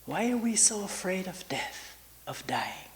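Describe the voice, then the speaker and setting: An older woman, in her sixties, gives a reflective spiritual talk as a retreat teacher. Her delivery is unhurried, with long pauses between phrases. She often lets her voice fall to a soft half-whisper. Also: mid-range voice, big pitch swings, poor audio.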